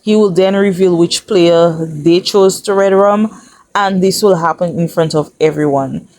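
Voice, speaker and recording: A woman's voice: fairly low pitch, a little slow, darkish tone. Sassy woman recapping reality TV. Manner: sassy, chatty, talks straight to viewers. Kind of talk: casual recap commentary.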